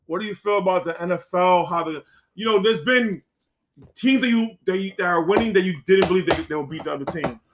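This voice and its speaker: High-voiced man, laid-back podcast co-host. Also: fairly quick. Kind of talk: casual chat.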